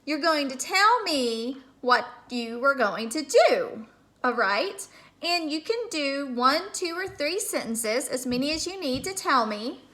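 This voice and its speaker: A woman teaching a remote phonics lesson to kindergarteners, patiently sounding out words slowly and checking in with "okay?". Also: high voice, expressive, pushed and bright. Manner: slow, drawn-out sounding out of words.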